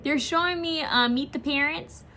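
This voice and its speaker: Tarot reader, woman, slightly high voice, rambling and talkative, casual swearing. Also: normal speed, sharp tone, a little hiss or hum. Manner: chatty and rambling, searching aloud for words; swears and laughs casually while talking. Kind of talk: casual pick-a-picture reading.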